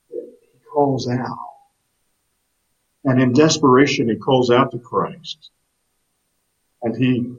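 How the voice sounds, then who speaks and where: An earnest male pastor giving a sermon at a middle pitch. He speaks emphatically and often doubles a word as he starts a new phrase. The recording sounds slightly dull.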